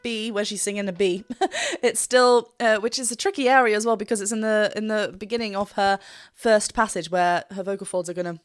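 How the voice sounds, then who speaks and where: A woman's voice: medium pitch, fairly even intonation, a little fast, smooth, no room sound, studio quality. A woman vocal coach giving a reaction and analysis commentary, explaining technique and breaking into short sung demonstrations.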